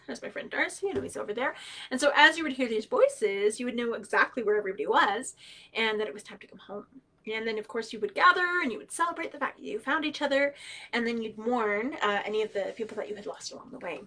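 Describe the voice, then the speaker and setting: A woman with a bright, slightly high voice shares stories and teachings in a lively, humorous way. She laughs often and slips into acted-out voices, like a storyteller teaching on a livestream. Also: fairly quick. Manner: animated and playful, laughs often, acts out quoted voices. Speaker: storyteller and knowledge keeper.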